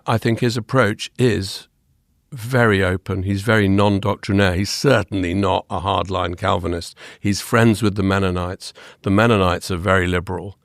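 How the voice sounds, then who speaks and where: A man's voice: on the low side, gravelly, no room sound, studio quality. A man being interviewed as an art historian, talking eagerly in long, rambling answers full of restarts. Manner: enthusiastic, rambling with frequent restarts. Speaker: guest, art historian and author. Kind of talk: conversational interview.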